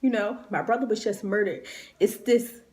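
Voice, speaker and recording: Grieving woman telling a storytime vlog, raw and emotional, medium pitch. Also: normal speed, a little mellow. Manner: raw, emotional, conversational retelling. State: grieving, near tears. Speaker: vlogger. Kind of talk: personal storytime.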